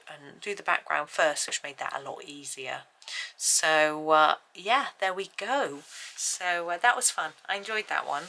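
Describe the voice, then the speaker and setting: A woman's voice: on the low side, sharp tone, poor audio. A woman with an English accent, chatting casually and thinking aloud as she colours, with rambling asides. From England. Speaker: colouring channel host. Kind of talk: casual chat while colouring.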